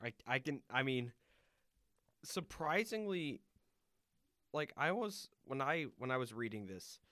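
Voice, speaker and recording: A man chatting casually as a podcast co-host about a movie, halting and restarting often. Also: medium pitch, sing-song, pushed and bright, dry recording, studio quality. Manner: halting, with many restarts and laughs.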